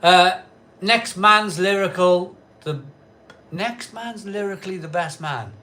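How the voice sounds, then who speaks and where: A man's voice: sits high, takes it slowly, a little hiss or hum. Rambling, tipsy man on a live stream. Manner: chatty, rambling, repeats himself, loud cheery greetings. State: tipsy from a pint or two. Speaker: host of a live craft beer stream. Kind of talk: casual live-stream chat.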